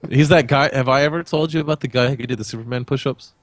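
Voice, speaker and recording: Animated swearing podcast co-host, man. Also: mid-range voice, fast talker, no echo, studio quality. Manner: animated storyteller, swears freely, acts out quotes. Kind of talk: casual chat.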